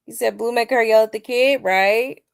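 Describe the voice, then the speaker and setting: Woman, gossip livestream host, sassy chat, a little hoarse, gravelly fry. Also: a little high, moderate pace. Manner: sassy, chatty, talks straight to her viewers. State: slightly hoarse, losing her voice. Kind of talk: casual celebrity gossip commentary.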